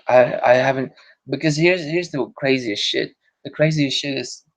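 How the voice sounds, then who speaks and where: A podcast host with a fairly low, gravelly voice rambles through a casual, profane chat, restarting himself many times. The audio is dull and lo-fi.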